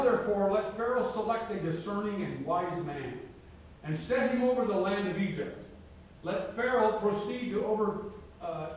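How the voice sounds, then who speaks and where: A man's voice: high-pitched, darkish tone, a little hiss or hum. A middle-aged man preaching a sermon as a pastor, reading scripture aloud with emphatic rises. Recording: very echoey hall, mic far off.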